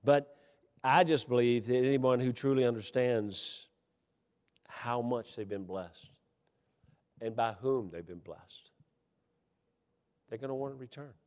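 Preaching to his congregation at a measured pace with long pauses, a pastor uses an animated, folksy style full of asides and chuckles. His pitch and volume swing widely, building to loud, emphatic peaks before dropping to almost confiding murmurs as he tells personal stories. Each phrase trails off in the church hall's long reverb.

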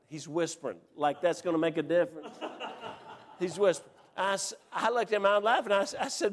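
A man telling a comic personal anecdote, lively and excitable, often laughing as he goes. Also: high-pitched, fairly quick, big-room sound. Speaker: storyteller.

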